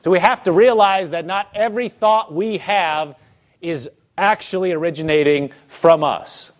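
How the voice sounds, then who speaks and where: A man's voice: high-pitched, normal speed. A man preaching a conversational sermon, asking lots of rhetorical questions and acting out people's thoughts.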